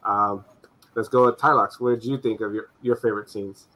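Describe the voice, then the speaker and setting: A man's voice: lowish voice, fairly quick, low-quality recording. A man chatting animatedly on a fan podcast, swearing casually. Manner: animated, swears, hands off to others.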